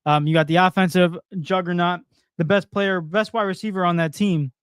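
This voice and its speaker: A young man co-hosting a casual sports podcast, excitable and quick to laugh, swearing lightly. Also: high voice, clean tone, no echo, studio quality. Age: young adult. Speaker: podcast co-host. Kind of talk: casual chat. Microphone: home streaming setup.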